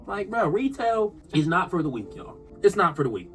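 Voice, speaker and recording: A man telling comedic retail stories in an exasperated, animated rant, speaking straight to his viewers. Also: high voice, normal speed, hardly any pauses, faint music behind. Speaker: vlogger.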